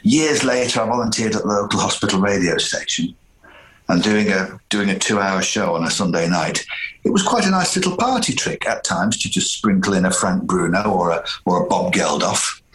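A man's voice: sits low, expressive, normal speed, a bit bright, reverberant, low-quality recording. A man in his fifties from northern England, a voice impressionist telling stories in a casual interview. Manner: chatty, anecdotal, hesitant restarts. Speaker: impressionist guest.

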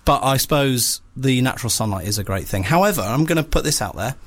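A man's voice: medium pitch, expressive, fast talker. A man co-hosting a radio show, joking and teasing while reading out listener messages. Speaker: radio co-host. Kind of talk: casual banter.

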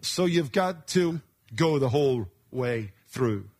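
A man preaching a sermon in an emphatic, folksy way, swinging between loud bursts and hushed asides. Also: mid-range voice, animated, slow pace, slightly rough.

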